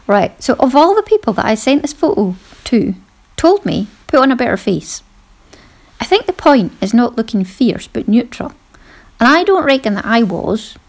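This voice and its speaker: A woman's voice: mid-range voice, a little mellow. A middle-aged woman hosting a podcast, talking casually and poking fun at herself, with frequent laughs. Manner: chatty, self-deprecating, laughs often. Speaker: podcast host. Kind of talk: casual monologue.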